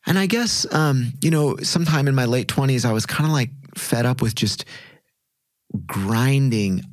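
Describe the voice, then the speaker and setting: A man's voice: medium pitch, moderate pace, dry recording. A man in his thirties, a podcast guest, talking in an earnest, reflective way with lots of fillers and restarts. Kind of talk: casual interview talk.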